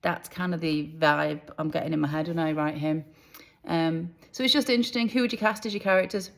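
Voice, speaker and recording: A woman's voice: low-pitched, fairly quick, gravelly. A woman author talking casually to camera about books and TV casting, in a chatty, rambling way. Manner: chatty, rambling, self-deprecating. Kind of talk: casual vlog chat.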